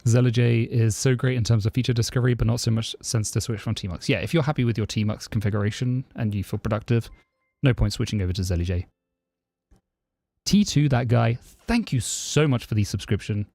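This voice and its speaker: A man's voice: medium pitch, fairly quick, creaky, dry recording. A man from southeast London with a southern English accent close to received pronunciation, chatting casually on a live stream and answering viewers. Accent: southern English, close to received pronunciation but less posh. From southeast London, England. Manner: chatty, answers chat questions, thanks subscribers warmly. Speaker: livestreaming programmer.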